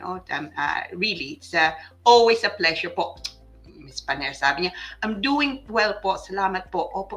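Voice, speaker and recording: A woman's voice: medium pitch, sharp tone. A middle-aged woman, hosting a live legal show and chatting as she reads out viewer comments, full of fillers and restarts. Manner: chatty, switches languages mid-sentence, many fillers and restarts. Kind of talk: live-stream chat reading viewer comments.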